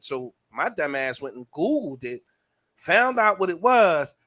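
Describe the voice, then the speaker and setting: A man hosts a podcast in loose, crude chat, reading listener comments aloud in a voice. His voice sits a little high for a man. The delivery is animated and profane. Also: normal speed. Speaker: podcast host. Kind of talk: casual chat.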